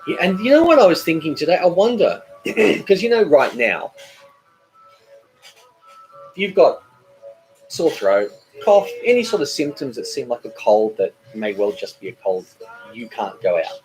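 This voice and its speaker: A man's voice: a little high, sing-song, a little slow, pauses often, a little mellow, soft background music, low-quality recording. A middle-aged man hosting a casual live stream from home, reading viewer comments aloud, rambling and stumbling over repeated words. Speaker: cooking channel host.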